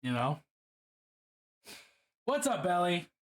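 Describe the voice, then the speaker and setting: A man from Baltimore, his voice sitting high, slow and sing-song, chats casually on a live stream while painting miniatures alone in his room. He rambles, swears and mocks himself.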